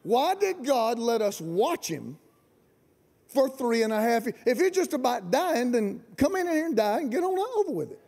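Gravelly high-pitched shouting preacher. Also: male voice, big pitch swings, moderate pace. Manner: shouting, colloquial, Southern-style preaching with rising emphasis. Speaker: guest pastor. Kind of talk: fiery preaching sermon. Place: large camp meeting venue.

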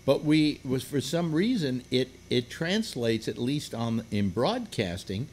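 Older male host, lively rambling voice. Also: mid-range voice, unhurried. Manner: rambling, with many fillers and restarts. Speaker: radio host. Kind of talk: casual group chat.

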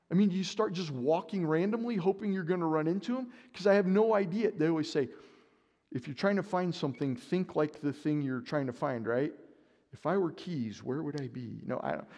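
Guy preaching in a church, kinda high voice, tells stories all animated, big echo hanging after. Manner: storytelling, animated, acts out his own panic. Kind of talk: sermon. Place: church sanctuary. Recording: long church reverb.

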